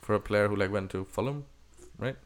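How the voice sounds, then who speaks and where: A man's voice: fairly low pitch, a little fast. A man hosting a casual football podcast chat, blunt and swearing freely, from India. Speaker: podcast host.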